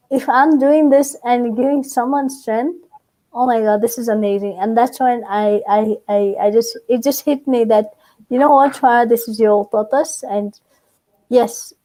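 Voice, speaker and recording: A woman's voice: on the high side, rough recording. A woman, a guest on a live online panel, telling her story with emotion and quoting herself and others. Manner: emotional, animated storytelling with quoted dialogue.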